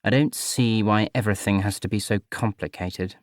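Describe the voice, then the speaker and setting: A pedantic woman scientist who answers everything with formal, unbothered literalness, as a male audiobook narrator puts her on. Her voice comes through smooth and clean, close and dry with no room around it. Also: fairly low pitch, fairly even intonation, moderate pace, no echo, close to an everyday voice. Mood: dryly literal. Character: pedantic blunt female scientist, middle-aged. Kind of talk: audiobook character voice.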